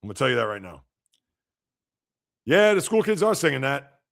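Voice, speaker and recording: Gravelly-voiced man hosting a live sports show. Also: mid-range voice, moderate pace. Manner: animated, talks back to viewers' comments. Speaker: podcast host. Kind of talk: live sports podcast reading chat comments.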